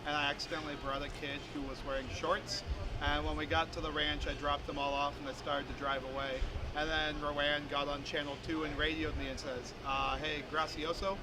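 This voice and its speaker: A man's voice: on the high side, flat delivery, a little fast, background noise. A man on summer camp staff telling a funny driving story in a matter-of-fact way. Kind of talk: casual anecdote to camera.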